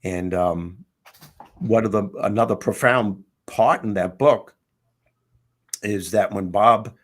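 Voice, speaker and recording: Low raspy guy chatting about his book, telling it like a story. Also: slow pace. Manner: animated storyteller, casual. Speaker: author guest. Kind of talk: interview conversation.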